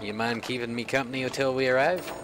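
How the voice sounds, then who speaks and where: A man's voice: medium pitch, fairly even intonation, quick pace, natural voice. A man voicing a folksy, rambling old male peddler in a put-on Scottish-like country brogue, with game music behind. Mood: chatty. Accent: put-on Scottish-like rural brogue.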